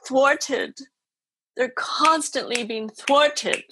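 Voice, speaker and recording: A woman's voice: sits high, slow, pushed and bright, slightly rough, dry recording. A woman spiritual teacher speaking as a podcast guest, earnest and emphatic, often repeating her phrases for stress. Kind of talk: podcast interview.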